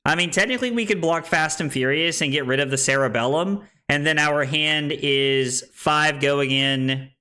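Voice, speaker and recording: This young streamer's voice sits on the high side, pushed and bright with a clean tone. He plays a card game live, explaining his moves and joking with chat while poking fun at himself.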